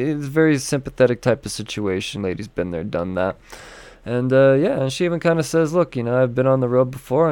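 A man's voice: medium pitch, darkish tone, no room sound. A man casually reviewing comic books, rambling and joking with frequent swearing. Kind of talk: casual chat.

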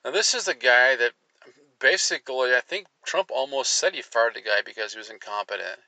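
A man with a gravelly, creaky voice and a tense, sharp edge, hosting a commentary show. He reads articles aloud and keeps interrupting them with sarcastic remarks, his pitch leaping when he gets worked up. The recording is dry and close. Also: brisk, no room sound, rough recording. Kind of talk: opinionated political commentary, reading articles aloud.

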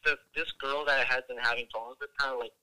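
A man's voice: medium pitch, fairly even intonation, fast talker, sharp tone, poor audio. A young man from Wisconsin telling a long, profane story in a rambling, casual way, full of filler words. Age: young adult. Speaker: podcast guest telling a story.

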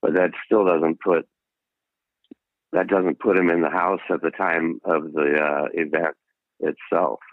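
Deep flat guy calling in, lots of ums, tinny phone line. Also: unhurried, no echo. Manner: hesitant, full of fillers. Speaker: caller. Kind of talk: phone call-in.

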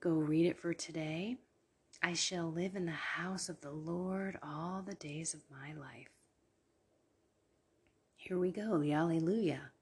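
A woman hosting a devotional podcast in a hushed late-night whisper, tired but earnest and encouraging. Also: deep voice, slow, pauses often, breathy edge. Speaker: podcast host. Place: downstairs at home at night.

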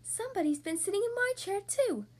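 Woman doing a loud high mother bear. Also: lively intonation, fairly quick. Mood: indignant.

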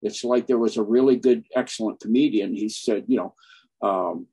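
A man's voice: on the low side, normal speed, dark tone, slightly rough, poor audio. A man speaking as a guest in an impassioned, preachy monologue, pressing his points with emphasis. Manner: preachy, emphatic, keeps acting out quoted people. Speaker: guest on online channels.

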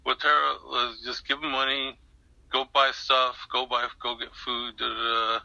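A man's voice: medium pitch, level tone, unhurried, vocal fry, bright, forceful tone, no echo, highs cut off. An older man being interviewed, telling a long story in a rambling way with many restarts and fillers. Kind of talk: recounting an anecdote in an interview.

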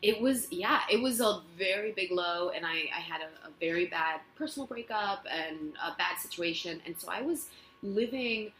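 A woman's voice: fairly low pitch, normal speed, a bit bright, echoey room, poor audio. A woman, an actress, talking as a guest in a casual interview in her own apartment, chatty and self-mocking, with lots of fillers.

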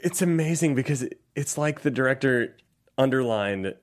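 A man's voice: medium pitch, normal speed, faint music behind. A man co-hosting a casual podcast, breaking down a movie with laughs and jokey asides. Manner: animated, laughing, jokey impressions. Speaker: podcast co-host.

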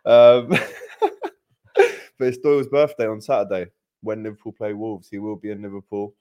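A young man hosting a football podcast, chatting casually in an upbeat way, telling stories and giving shout-outs. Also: on the low side, sing-song, unhurried. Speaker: podcast host.

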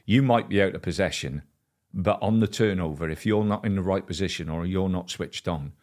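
A man in his sixties, a former football manager, answering questions in a measured, conversational way. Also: sits low, darkish tone. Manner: measured, frequent "you know" and restarts. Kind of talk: casual interview chat.

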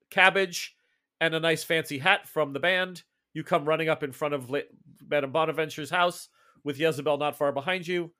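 Game master, male: slightly high voice, loose improvised narration, casual tabletop session. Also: sharp tone. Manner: loose, rambling narration with restarts.

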